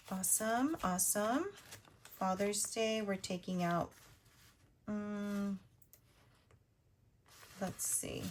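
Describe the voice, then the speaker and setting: A woman in her thirties hosting a budgeting video, chatting casually while she counts cash out loud. Her voice is going a little hoarse. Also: mid-range voice, slight background noise. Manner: chatty, counts money out loud, quick asides.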